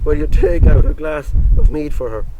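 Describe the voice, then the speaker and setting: A man's voice: on the high side, normal speed, lightly acted. Man doing a crafty scheming peasant, storybook tale, plain voice, windy outdoor recording. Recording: wind noise on an outdoor mic.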